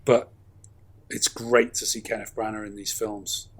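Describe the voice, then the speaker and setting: A man's voice: fairly low pitch, level tone, measured pace, breathy edge. A man co-hosting a film review podcast, chatting casually and rambling enthusiastically with many fillers and asides. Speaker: podcast co-host.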